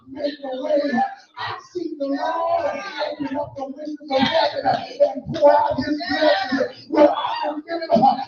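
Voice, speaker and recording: Older woman preaching loudly in an echoey church. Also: high-pitched. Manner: shouts fervently with constant "uh" fillers and calls out to the congregation. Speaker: church speaker giving testimony. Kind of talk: fervent preaching testimony. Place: church sanctuary. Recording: distant, echoey, dull, noisy church recording.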